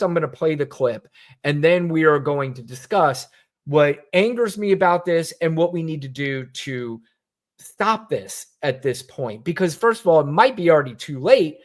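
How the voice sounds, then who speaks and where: A podcast host giving blunt, indignant political commentary, swearing now and then. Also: medium pitch.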